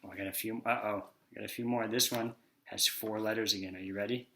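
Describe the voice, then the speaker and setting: A man's voice: fairly low pitch, steady tone, creaky, pushed and bright, a little hiss or hum. A man teaching a children's phonics lesson, sounding out letters one by one and acting out each word. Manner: slow, sounds out letters and acts out words.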